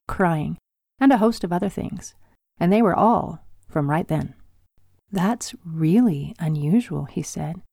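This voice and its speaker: An older woman reads from her own memoir on her podcast, her pace calm and measured. Her voice sits low and mellow, and it is recorded close and dry with no room sound. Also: creaky, dry recording. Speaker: podcast host and author. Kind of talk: reading her memoir aloud.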